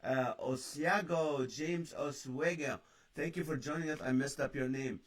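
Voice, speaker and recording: A man with a fairly high voice hosts a live stream, greeting viewers by name and reading their comments aloud. His chat is loose and joking, with quick asides and laughter between lines. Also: fairly even intonation. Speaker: host of a live stream show.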